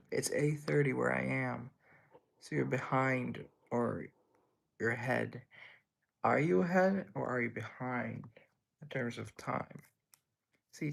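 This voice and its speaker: A man's voice: mid-range voice, vocal fry, slightly rough. A young man hosting a livestream, reading chat messages aloud and answering them in a rambling, playful way. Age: young adult. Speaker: livestream host.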